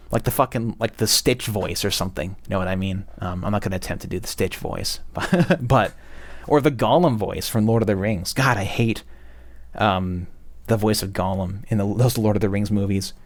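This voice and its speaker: A man's voice: on the low side, moderate pace, no room sound. A young man hosting a casual game review, blunt and profane, with many fillers. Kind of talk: casual opinionated monologue.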